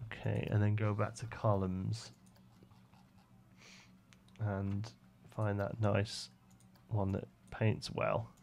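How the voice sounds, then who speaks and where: Slow, monotone and gravelly, with frequent pauses, this man's lowish, slightly mellow voice carries a Brummie accent from England's West Midlands. He's building on a live stream, chatting casually, reading viewer messages aloud and responding.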